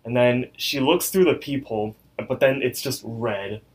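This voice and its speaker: A man's voice: medium pitch, moderate pace, poor audio. A young man co-hosting a podcast, casually retelling a spooky story and an episode, rambling with lots of "like" fillers. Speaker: podcast co-host.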